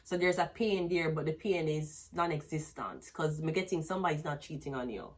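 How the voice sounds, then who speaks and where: A woman's voice: sits low, fairly quick. A woman giving a rambling, blunt tarot reading, crude and casual. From Jamaica. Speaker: tarot reader.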